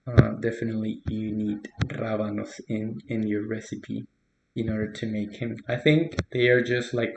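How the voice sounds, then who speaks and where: Young guy, going slow over a learner's post, lots of uhs, roomy echo. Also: mid-range voice, noisy background. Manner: relaxed, hesitant, many fillers, soft laughs. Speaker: language tutor. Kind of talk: casual correction of a learner's post.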